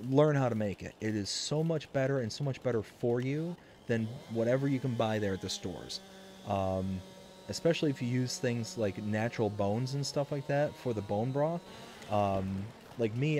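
A man chatting on a live stream in a mellow, relaxed voice with a faint hiss behind him. He rambles casually through fillers and restarts, his pitch sitting in an ordinary middle range.

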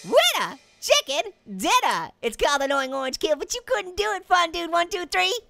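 For a cartoon let's-play, a performer voices a hyper, cheeky male talking orange who giggles, puns and chatters nonstop while gaming. The exaggerated voice is very high, creaky, pushed and bright with big pitch swings, at a moderate pace with no echo, and the mood is playful.

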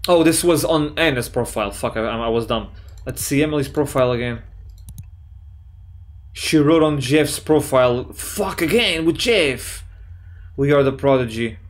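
A man giving excitable, jokey let's play commentary, swearing often and reading chat messages aloud in playful voices. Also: mid-range voice, normal speed. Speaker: gaming YouTuber.

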